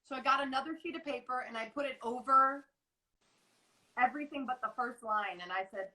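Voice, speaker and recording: A woman in her forties talks earnestly over a video call in a high, bright voice. She rambles with many restarts. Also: brisk, poor audio. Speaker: guest wellness coach. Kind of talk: casual live interview chat.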